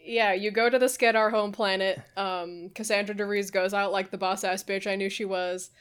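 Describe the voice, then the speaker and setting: A woman's voice: medium pitch, flat delivery, moderate pace, a bit bright, smooth. Casual podcast co-host, a woman in the middle of her range, loose profane storyteller who laughs as she goes. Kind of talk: casual chat recapping a video game plot.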